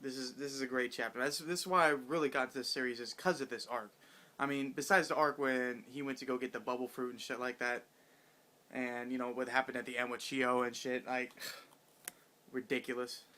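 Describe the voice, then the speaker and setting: Profane, excited man reviewing a chapter. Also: mid-range voice, fairly quick. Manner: excited, profane, rambling with slang.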